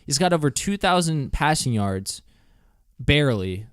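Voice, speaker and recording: A man's voice: fairly high pitch, very animated, unhurried, clear, resonant tone, no echo. Guy hosting a podcast, chatty and arguing his side, dry close sound. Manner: chatty, argues his case with filler words. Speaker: podcast host. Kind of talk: casual sports chat.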